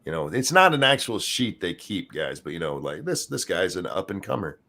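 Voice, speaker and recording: A man's voice: low voice, very animated, brisk, creaky, pushed and bright. A man co-hosting a casual talk stream, chatting in an offhand way with joking asides. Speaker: co-host. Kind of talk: casual podcast chat.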